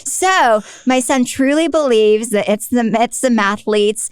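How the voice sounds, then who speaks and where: Laughing, animated woman podcaster. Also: fairly high pitch, unhurried, clean tone, dry recording, clean studio sound. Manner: animated storytelling, laughs often. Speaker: podcast co-host. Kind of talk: casual podcast chat.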